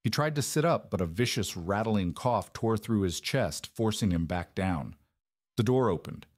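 Low-voiced male story narrator. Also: expressive, normal speed, no echo, studio quality.

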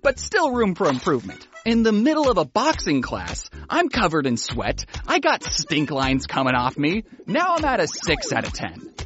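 A man giving a wry, sarcastic, animated comedic book recap as a YouTuber. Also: a little high, dull audio.

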